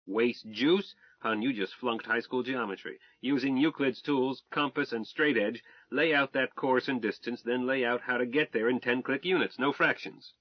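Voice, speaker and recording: A man's voice: medium pitch, normal speed, hardly any pauses, no echo, natural voice. A man voicing a confident husband in an audiobook, wry and coaching in a teasing way, on a dull, dry recording.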